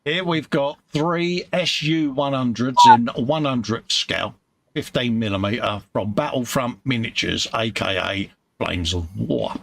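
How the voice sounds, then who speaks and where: A man's voice: medium pitch, unhurried, creaky, fairly bright tone, no echo. A man hosting a casual live chat, bantering matily and reading out viewer comments. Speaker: live-stream host.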